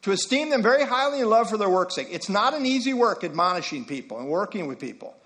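A male pastor preaching a sermon in a conversational way, with folksy asides and slow, deliberate scripture reading. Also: high-pitched, sing-song, a bit bright.

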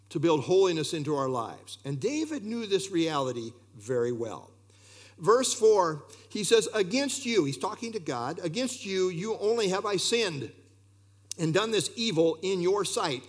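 A man preaching a sermon, expressive and full of rhetorical questions, with occasional fillers. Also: sits high, husky.

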